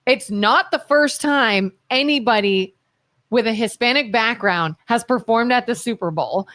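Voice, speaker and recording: A woman co-hosting a local talk radio show, telling stories in a lively, chatty way and quoting people she talks about. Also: on the high side, measured pace. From Ohio. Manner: animated storytelling, quotes others in voices. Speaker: co-host. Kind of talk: casual talk radio chat.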